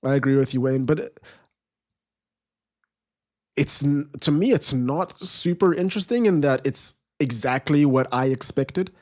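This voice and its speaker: A man's voice: medium pitch, a little slow, pauses often. Laid-back man hosting a football watchalong. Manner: relaxed, rambling, restarts sentences. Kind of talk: casual live match commentary, reading chat.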